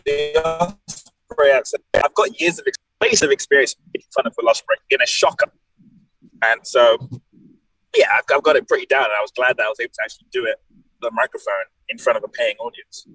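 A man's voice: mid-range voice, fast talker, breathy edge, poor audio. A man, a wrestler chatting as a guest and telling jokey stories. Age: late 20s. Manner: animated, jokey storyteller. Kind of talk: casual podcast chat.

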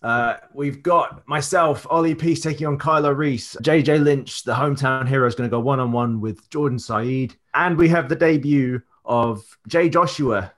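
A man's voice: medium pitch, normal speed, few pauses, a bit bright. A man on a casual podcast, a wrestler chatting loosely as he reels off an upcoming match card with plenty of fillers. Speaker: wrestler and promoter guest.

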